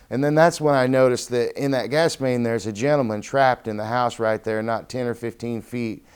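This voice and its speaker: A man's voice: mid-range voice, smooth. A freelance journalist, a man, giving documentary testimony, telling his story vividly and urgently. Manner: vivid storyteller, urgent when quoting shouts.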